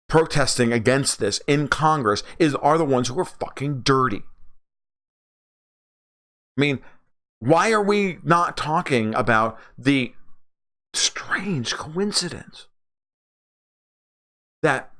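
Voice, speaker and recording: A man's voice: fairly high pitch, fairly bright tone. Angry ranting man on a livestream. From United States. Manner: angry, exasperated rant with frequent profanity. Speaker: political commentator. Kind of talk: livestream monologue.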